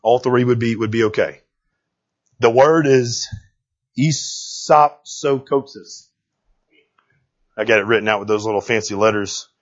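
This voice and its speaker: A man preaching a sermon in a conversational, animated way, often checking in with his listeners. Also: lowish voice, fairly quick, lo-fi sound. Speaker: pastor.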